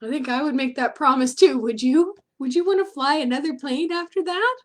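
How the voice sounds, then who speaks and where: A woman reading a picture book aloud to children with lively, dramatic expression. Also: sits high, brisk. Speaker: guest reader.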